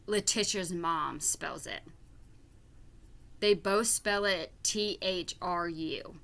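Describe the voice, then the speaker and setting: Exasperated ranting woman, bright slow delivery. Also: on the low side, smooth. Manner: exasperated, ranting, swears, repeats words when worked up. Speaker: reaction vlogger. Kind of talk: reaction commentary reading viewer comments aloud.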